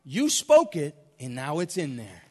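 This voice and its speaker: A man's voice: a little high, wildly swooping pitch, a little slow, husky. A man preaching a sermon as a story, acting out his own reactions and laughing along the way. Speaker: pastor. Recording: long reverb of a large hall.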